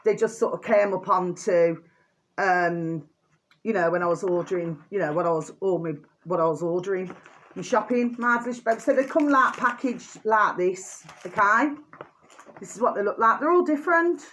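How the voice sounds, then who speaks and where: A woman's voice: mid-range voice, normal speed, a bit bright, a little hiss or hum. Chatty older woman, doting and rambling. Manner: chatty and doting, with many fillers and repeated pet names. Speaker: vlogger. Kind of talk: casual show-and-tell vlog.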